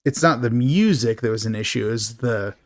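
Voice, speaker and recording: A man hosting a casual movie review podcast, chatty and quick to laugh, with many fillers. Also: mid-range voice, no room sound, clean studio sound. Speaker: podcast host.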